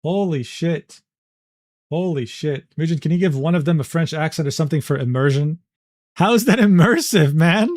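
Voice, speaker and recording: Guy streaming, reading drama screenshots out loud, swears a lot, sarcastic, kinda high voice, dry close sound. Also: normal speed, no echo. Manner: profane, exasperated, sarcastic asides; reads chat messages and screenshots aloud. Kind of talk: casual livestream commentary.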